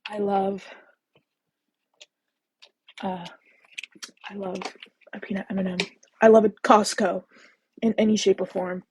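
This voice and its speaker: A woman's voice: mid-range voice, little pitch movement, takes it slowly, pauses often, a little mellow, slight background noise, low-quality recording. A woman hosting a book-reading livestream, chatting casually and bubbly with viewers, full of jokey asides. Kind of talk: casual live chat with viewers.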